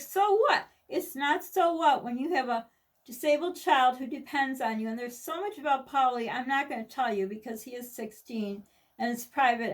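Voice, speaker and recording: A woman's voice: on the high side, recorded from a distance. A middle-aged woman from the United States, talking candidly and rambling in a personal vlog, with many restarts and asides. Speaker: vlogger.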